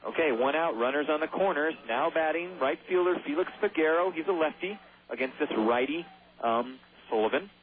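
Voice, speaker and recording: A man's voice: on the high side, expressive, a little fast, slight background noise. A man calling baseball play-by-play on the radio, chatty and given to jokey asides. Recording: tinny phone-like radio broadcast.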